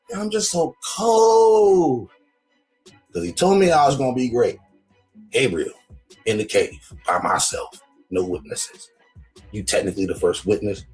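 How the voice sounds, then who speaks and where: A man voicing a frightened, excitable young man who rambles in slang and pleads. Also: high voice. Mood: shaken.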